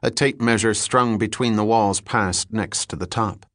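Man, audiobook narration, low voice, even measured delivery, dry close recording. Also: dry recording. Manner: measured, even reading with terse character dialogue. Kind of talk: scripted narration.

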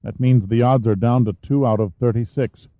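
A man reading the part of a blunt, worried male official in an audiobook, in a measured, reasoning manner, on a dull recording. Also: mid-range voice, no echo, natural voice. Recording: dull, muffled dry recording.

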